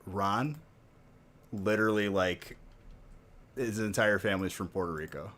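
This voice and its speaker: Low-voiced man ranting casually. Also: measured pace, fairly bright tone. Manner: ranting, heavy use of "like". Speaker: stream host. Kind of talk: casual chat during a live stream.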